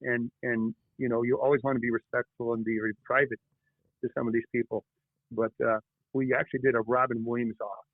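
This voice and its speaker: A man, the guest author, telling animated stories in an interview, halting and restarting often. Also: medium pitch, no echo. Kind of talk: storytelling interview chat. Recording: tinny phone-like line.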